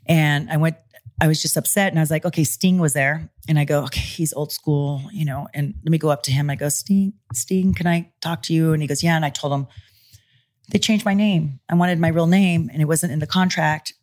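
A woman's voice: low voice, brisk. A woman in her forties from California, telling stories in a casual interview and acting out the voices of people she quotes. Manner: animated, acts out quoted voices. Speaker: interview guest, former pro wrestler. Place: studio in Los Angeles.

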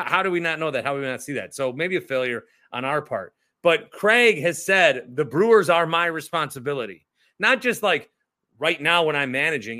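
A man's voice: a little high, a bit bright. A man hosting a sports talk show, ranting in a casual, indignant and profane way, often repeating himself and turning sarcastic.

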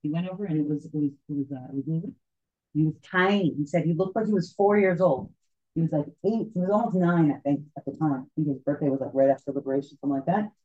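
A woman telling a story to a group, halting and full of fillers and restarts, as a tour guide. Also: low-pitched. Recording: dull lo-fi recording.

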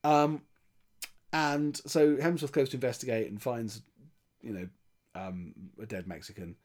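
A man talking casually on a podcast, recapping a film scene by scene. He rambles and restarts often and drops into quick voiced lines for the characters. His voice sits at an ordinary middle pitch. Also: fairly even intonation, darkish tone. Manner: chatty, rambling, with frequent restarts and voiced quotes. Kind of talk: casual chat retelling a film plot.

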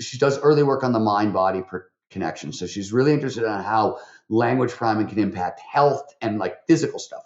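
A man, a podcast guest, tells stories in an animated way, with lots of fillers and restarts. His voice jumps up when he quotes people. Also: mid-range voice. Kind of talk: animated interview storytelling. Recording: roomy, slightly dull recording.

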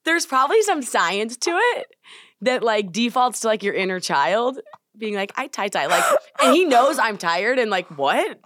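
A woman's voice: fairly high pitch, sing-song, unhurried, a bit bright, no room sound, studio quality. A young woman co-hosting a podcast, chatting playfully and laughing often. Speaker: podcast co-host. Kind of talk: casual chat. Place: studio.

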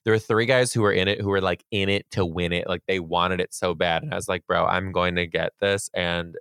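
A man's voice: deep voice, steady tone, a little fast, vocal fry, a bit bright, clear, resonant tone, no room sound, clean studio sound. A man hosting a casual podcast chat, loose and jokey, swearing freely as he tells stories.

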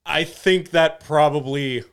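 A man's voice: a little high, fairly even intonation, slow pace, clean tone. A man co-hosting a casual podcast, laid-back and chuckling as he chats. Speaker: podcast co-host. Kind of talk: casual chat.

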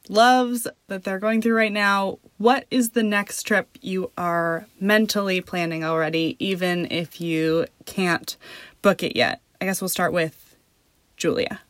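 A woman's voice: mid-range voice, unhurried, no room sound. Woman host in a dry room. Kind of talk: podcast moderation.

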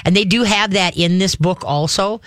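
A woman's voice: medium pitch, moderate pace, fairly bright tone, dry recording. A woman hosting a call-in radio show about dogs, talking in a rambling, folksy way and acting out what the dogs are thinking. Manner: rambling, folksy, acts out dogs' voices. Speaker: radio show host and dog trainer. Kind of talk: casual call-in radio talk.

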